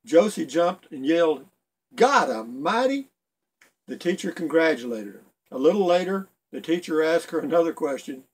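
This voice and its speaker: A man's voice: a little high, fairly quick, few pauses, a little mellow, breathy edge. A middle-aged man casually reading jokes aloud for his video blog, rambling a bit and chuckling at his own punchlines. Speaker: video blogger telling jokes.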